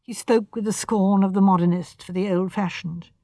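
A woman reading a classic mystery novel aloud with steady, measured narration. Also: mid-range voice, dry recording, studio quality. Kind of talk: audiobook narration.

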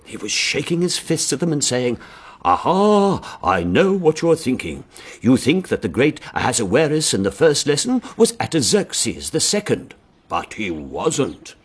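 A gentle, scholarly vicar in a radio play, slow and fond as he tells a story. His delivery moves very expressively in pitch and has a slightly husky tone. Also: big pitch swings. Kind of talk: radio drama acting.

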